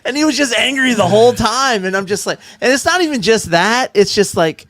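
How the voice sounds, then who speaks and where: A man co-hosting a casual podcast, telling an animated story and acting out what other people said. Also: extremely high pitch, a little fast, dry recording. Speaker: podcast co-host.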